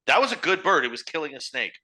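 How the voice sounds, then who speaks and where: A man co-hosting a podcast in loud, profane, ranting banter, sometimes mimicking other people. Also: on the high side, very animated, quick pace. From Ireland. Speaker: podcast co-host.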